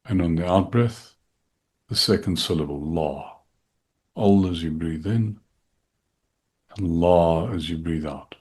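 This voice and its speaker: A very deep male voice leads a meditation, unhurried and soft-spoken. He is a middle-aged man, calm as he guides the listener. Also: husky. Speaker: shaikh leading guided meditation. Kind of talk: guided meditation and dhikr instruction.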